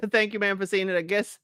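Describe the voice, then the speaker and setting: A woman's voice: mid-range voice, fairly bright tone, smooth, no echo, clean studio sound. A woman hosting a casual live show, reading viewer comments aloud and chatting with frequent laughter. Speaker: podcast host reading live chat. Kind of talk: casual live recap chat.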